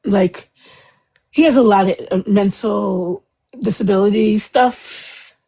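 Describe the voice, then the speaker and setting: A woman's voice: mid-range voice, takes it slowly, gravelly, mellow, breathy edge. A woman hosting a casual livestream chat, rambling and chatty, laughing often. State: eyes watering from chemo. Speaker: livestream host.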